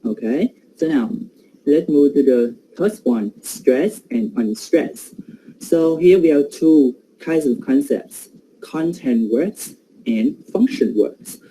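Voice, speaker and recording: A man's voice: fairly high pitch, expressive, slow, mellow, slight background noise, low-quality recording. A man giving an academic presentation on pronunciation, hesitant and full of fillers.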